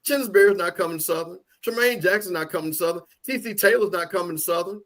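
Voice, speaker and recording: Sports co-host, male, high-pitched, plainspoken, hammers his points. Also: fast talker, fairly bright tone. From Louisiana. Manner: blunt, opinionated, repeats points for emphasis. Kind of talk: casual sports talk.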